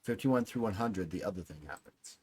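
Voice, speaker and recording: A man's voice: low voice, expressive, a little fast, darkish tone. A man narrating as game master of a tabletop game, in a casual, rambling way.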